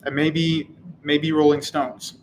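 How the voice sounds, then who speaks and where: A man's voice: a little high, level tone, takes it slowly, a little hiss or hum, low-quality recording. A man hosting a live stream, reading chat comments and answering in a casual, wry, rambling way. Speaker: channel host.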